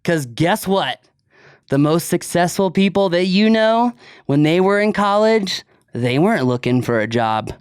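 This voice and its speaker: A man with a high, lively voice hosts a podcast, chatting loosely in a casual way, unhurried and smooth, with lots of fillers and frequent laughter. The sound is clean studio audio with no echo.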